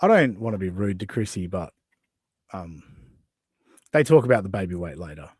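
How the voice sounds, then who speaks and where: A man's voice: low-pitched, sing-song, normal speed, slightly rough, no room sound, clean studio sound. A man with an Australian accent hosting a podcast, chatting casually, mocking and laughing often as he reacts to clips. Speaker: podcast host.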